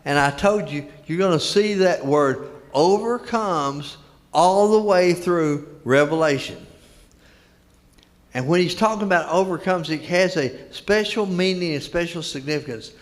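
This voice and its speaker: An older man delivers a sermon at an unhurried pace, his voice on the high side. He tells stories in a folksy way and repeats key words emphatically, the church sanctuary's long reverb filling the recording.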